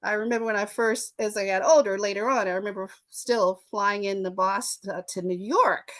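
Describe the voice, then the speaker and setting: A woman's voice: mid-range voice, steady tone, moderate pace, a bit bright. A woman with a Southern US accent, an attorney and podcast guest, telling stories animatedly with frequent laughter and asides. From Memphis, Tennessee, US. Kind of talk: storytelling in an interview.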